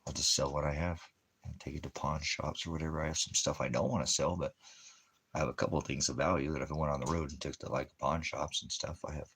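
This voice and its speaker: A man with an extremely low, husky voice rambles in a casual monologue. He drifts between talking to his dog and musing aloud to the camera. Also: steady tone, fast talker, a bit bright. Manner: rambling, talks baby-talk to his dog in bursts. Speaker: ministry vlogger.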